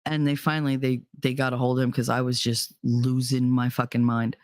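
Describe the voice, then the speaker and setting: A young adult woman hosting a podcast, telling a story with heavy profanity, her voice climbing into yelling in the tense parts. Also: very deep voice, flat delivery, brisk, dry recording, clean studio sound. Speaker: podcast host. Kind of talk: storytelling monologue.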